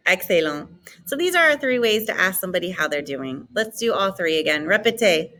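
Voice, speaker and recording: Bright-voiced woman teaching a lesson. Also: mid-range voice, expressive. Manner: models words slowly and clearly for repetition. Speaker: French teacher. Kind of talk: classroom language lesson.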